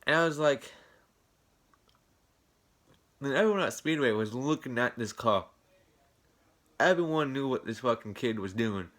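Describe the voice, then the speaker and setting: Young guy ranting thru a storytime vlog, bright edgy voice, cusses a lot. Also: medium pitch, lively intonation, measured pace, pauses often. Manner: swearing, indignant, rambling retelling. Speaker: vlogger. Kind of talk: casual storytime rant.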